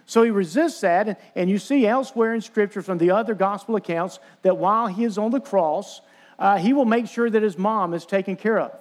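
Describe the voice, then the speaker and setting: A man's voice: high voice, brisk. A man preaching a sermon, earnestly retelling scripture and acting out the voices of mockers.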